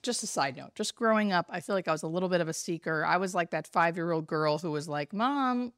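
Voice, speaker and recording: A woman, a hospice nurse telling a story in casual chat, animated and full of fillers. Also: lowish voice, fast, no echo, clean studio sound. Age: 30s.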